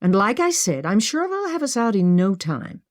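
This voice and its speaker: A woman's voice: medium pitch, big pitch swings, normal speed, no echo, studio quality, voice pushed up, natural voice. A woman voicing an impulsive, upbeat young woman who brushes off worry, in an audiobook.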